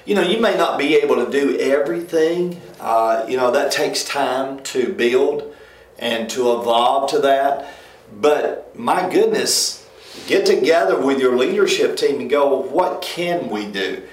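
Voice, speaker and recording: A man, a pastor co-hosting a church ministry talk show, speaking in an emphatic, folksy way. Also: unhurried. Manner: emphatic, folksy, rises high when mocking others. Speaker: pastor and co-host. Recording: roomy echo.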